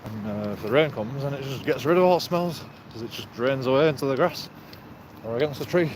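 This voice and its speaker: A man's voice: medium pitch, lively intonation, brisk. A man, rambling and joking as he walks outdoors for his vlog, a bit out of breath. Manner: joking, chatty, laughs often. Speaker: vlogger. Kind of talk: rambling casual walk-and-talk. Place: outdoors on city streets at night. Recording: noisy outdoor street recording.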